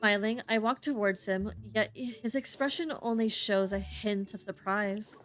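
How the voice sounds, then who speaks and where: Slow, halting woman streamer reading aloud. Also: medium pitch, a bit bright, soft background music. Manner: halting reading with frequent slips and restarts. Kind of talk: reading game narration on stream.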